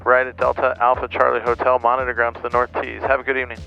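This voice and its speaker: A man's voice: medium pitch, monotone, rapid-fire, creaky, bright, forceful tone, muffled recording. A man piloting a small plane at night, chatting with his crew and making radio calls in a joking, easygoing way. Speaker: pilot and host. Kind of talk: casual cockpit chat and radio calls. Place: small plane cockpit in flight. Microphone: aviation headset. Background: music.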